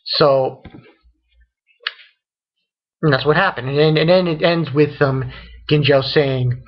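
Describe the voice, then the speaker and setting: A man's voice: fairly high pitch, fairly even intonation, slow pace, lo-fi sound. A man hosting his own channel, rambling through a casual review rant and stringing events together with "and then". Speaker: manga reviewer, channel host.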